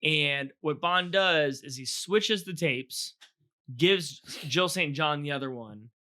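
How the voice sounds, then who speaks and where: A man's voice: a little high, slow, sharp tone. A man co-hosting a podcast, recapping a film in loose, rambling casual chat full of fillers. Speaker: podcast co-host. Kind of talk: casual movie review chat.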